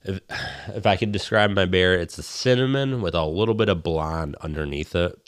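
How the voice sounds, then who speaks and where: A man's voice: deep voice, moderate pace, dry recording, studio quality. A man telling a hunting story in casual chat, rambling and swearing freely.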